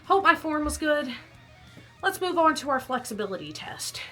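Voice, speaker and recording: A woman's voice: high-pitched, very animated, normal speed, sharp tone, faint music behind. Breathless chatty woman vlogging. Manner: chatty, rambling, self-deprecating. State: out of breath, coughing. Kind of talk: casual fitness vlog.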